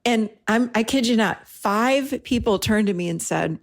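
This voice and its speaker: A middle-aged woman hosting a talk, telling a personal story in an animated way and acting out the dialogue. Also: a little high, a little slow. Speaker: host and therapist-style teacher.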